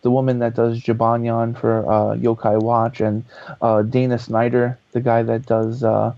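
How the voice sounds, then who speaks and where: A man guest on a podcast telling a story in a lively, casual way, swearing freely. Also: medium pitch, normal speed, gravelly, dry recording. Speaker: guest, author and voice actor. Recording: dull lo-fi podcast audio.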